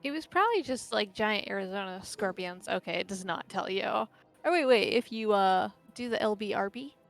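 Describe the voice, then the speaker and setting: A woman's voice: mid-range voice, lively intonation, normal speed, vocal fry, soft background music. A young woman chatting casually and jokily while a game plays. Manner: jokey, playful, giggly. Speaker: co-host of a gaming stream. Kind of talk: casual chat over gameplay.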